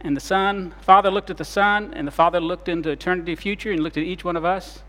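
Man, pastor, sermon, dramatic swings between loud and soft, slightly high voice, long reverb. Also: fairly even intonation, fast.

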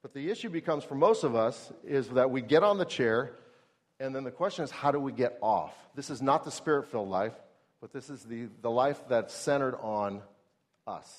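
A man's voice: medium pitch, normal speed. A middle-aged man preaching a sermon in a conversational way, asking the audience questions and acting out everyday scenes.

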